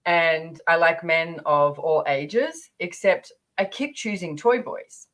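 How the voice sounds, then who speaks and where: A woman in her fifties chats as a podcast guest, speaking frankly and without filters. Her voice sits a little low for a woman. She swears casually and often restarts mid-thought, as in loose conversation. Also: slow, a bit bright. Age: 50s.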